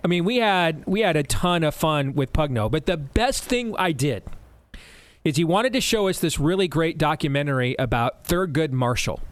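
A middle-aged man hosting a radio show, telling a long story in a rambling, animated way with many restarts. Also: on the high side, moderate pace, dry recording. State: deaf in one ear. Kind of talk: casual storytelling.

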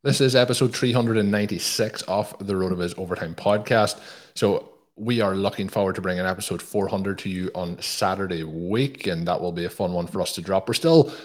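A man's voice: low-pitched, fairly quick. A man from Ireland hosting a podcast in casual chat, upbeat, with frequent fillers and restarts. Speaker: podcast host.

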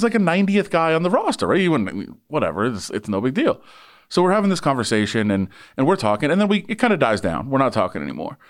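Lively male sports reporter telling a story. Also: medium pitch. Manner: animated, voices people in anecdotes. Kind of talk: casual storytelling on a podcast.

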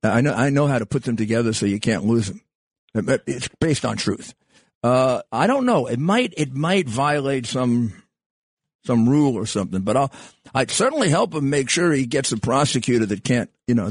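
An older man hosting a talk radio show, rambling along with halting restarts and frequent fillers. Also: mid-range voice, expressive, breathy edge, dry recording. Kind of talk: casual talk radio monologue.

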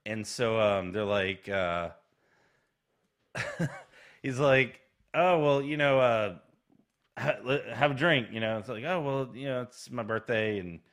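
A man's voice: medium pitch, slow, pauses often, fairly bright tone. A man co-hosting a casual podcast, telling stories animatedly and acting out quoted lines with laughter. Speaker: podcast co-host. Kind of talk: casual chat, retelling stories.

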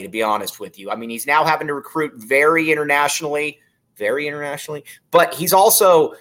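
A man's voice: medium pitch, fairly bright tone. A man co-hosting a sports podcast, giving blunt, opinionated takes in casual chat. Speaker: podcast co-host.

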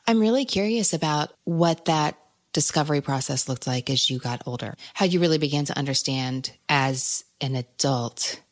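Low-voiced gentle woman host. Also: moderate pace. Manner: gentle, encouraging. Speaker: podcast host. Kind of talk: interviewing.

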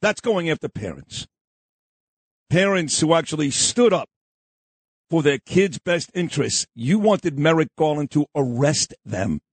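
Talk radio host, male, husky, animated delivery, combative and insulting. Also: a little high, a little slow, dry recording. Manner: combative, insulting, repeats himself, shouts down opponents. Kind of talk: opinionated talk radio monologue.

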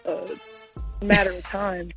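A woman guest answering interview questions in a measured way, with some hesitant restarts. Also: on the low side, flat delivery, a bit bright, faint music behind. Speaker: guest athlete. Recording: tinny phone line.

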